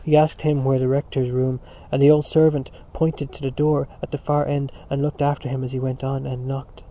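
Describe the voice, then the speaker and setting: A man reading a novel aloud as narrator in a measured storytelling manner. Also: mid-range voice, flat delivery, dark tone. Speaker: audiobook narrator. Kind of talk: scripted narration. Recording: dull lo-fi recording.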